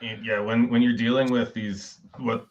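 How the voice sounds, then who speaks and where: A man's voice: medium pitch, little pitch movement, normal speed. A man co-hosting a casual podcast, rambling as he lists his thoughts aloud. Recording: muffled lo-fi audio.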